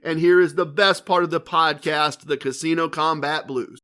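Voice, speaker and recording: A male podcast host telling a casino story in a casual, animated way and acting out the dialogue. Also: on the high side, moderate pace, over music.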